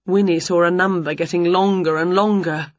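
A woman's voice: on the low side, no echo. A woman whose first language is Chinese, reading an English picture book aloud to children. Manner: slow, lively storytelling. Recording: dull lo-fi home recording.

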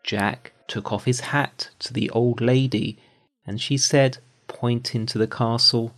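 An older man reading a bedtime fairy tale aloud in a calm, measured way. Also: mid-range voice. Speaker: storyteller.

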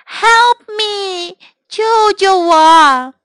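A woman voicing a young captive princess in a high, tearful, pleading voice. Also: takes it slowly, fairly bright tone, no echo, studio quality, exaggerated voice.

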